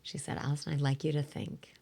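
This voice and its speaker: Very low, gravelly, husky woman storyteller. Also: level tone, fast talker. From South Dakota, USA. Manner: rambling storytelling with many fillers, dropping into soft whispery asides. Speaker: guest, actor and theater teacher. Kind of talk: casual interview chat.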